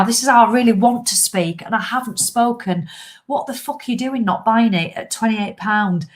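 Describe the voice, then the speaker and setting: A middle-aged female fitness coach speaks directly to her followers in a casual live video, swearing bluntly and with passion. Her pitch sits in the medium range.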